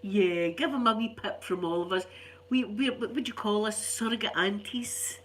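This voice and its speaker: A woman's voice: mid-range voice, moderate pace, a little hiss or hum. An older Scottish woman chatting casually to viewers, rambling and laughing often, sounding stuffy and unwell. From Scotland. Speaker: ASMR channel host.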